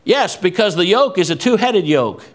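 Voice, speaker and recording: A man preaching a fervent sermon and quoting scripture, swinging from low, quiet asides to raised, shouted lines. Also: big pitch swings, moderate pace. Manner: quotes scripture.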